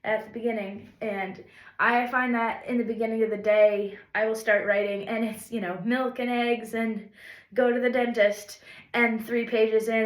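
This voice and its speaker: A woman's voice: fairly high pitch, fairly even intonation, moderate pace, roomy sound. A woman songwriter talking to camera in a casual, rambling and encouraging way, with self-deprecating asides. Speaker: songwriter vlogger. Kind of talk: casual reflective talk to camera.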